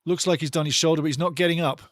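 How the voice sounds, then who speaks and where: A middle-aged man calls a football match live in an energetic, chatty way, switching between quick play-by-play and rambling stories. His voice sits a little high for a man. It is recorded close and dry, with no room sound. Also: dry recording. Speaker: watch-along football commentator. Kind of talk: live watch-along match commentary.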